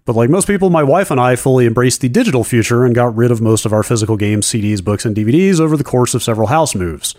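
A man co-hosting a podcast, reading a listener email aloud in an even, steady way. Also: mid-range voice, quick pace, few pauses, no room sound, clean studio sound. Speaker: podcast co-host.

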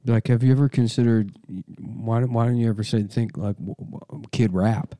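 A man's voice: mid-range voice, fairly even intonation, moderate pace, mellow, dry recording. A man in his thirties hosting a podcast, chatting loosely and joking around. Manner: loose, jokey, breaks into silly voices. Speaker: podcast host. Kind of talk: casual chat.

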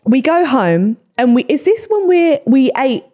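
A young woman, hosting a podcast and telling stories in casual chat, swearing freely. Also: high voice. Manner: swearing, quick animated storytelling. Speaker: podcast host.

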